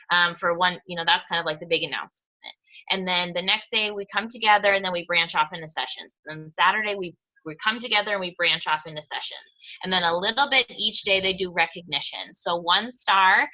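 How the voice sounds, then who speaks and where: A woman's voice: on the low side, pushed and bright, dull audio. A young adult woman coach talking casually to her team, enthusiastic and rambling, with lots of fillers and repeated words.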